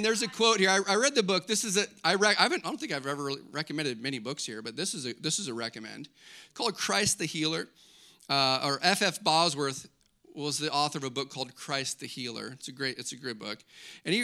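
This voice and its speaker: A middle-aged man preaching a sermon as pastor, conversational and energetic, asking the congregation questions and joking with asides. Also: on the high side, brisk.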